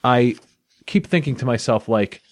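A man's voice: mid-range voice, moderate pace. A man co-hosting a casual comic book chat, with wry, teasing banter. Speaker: comic book podcast co-host.

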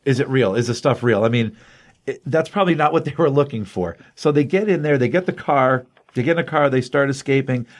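Comic podcast host, man, mid-pitched, chatty and excited recapping. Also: fairly quick. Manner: excitable storyteller, loose and rambling with fillers. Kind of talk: casual chat retelling a comic.

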